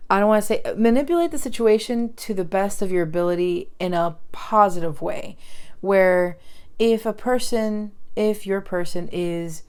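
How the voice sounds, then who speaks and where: A young woman giving a pick-a-card tarot reading, emotional and thinking aloud with many pauses and fillers. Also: mid-range voice, a little mellow, smooth.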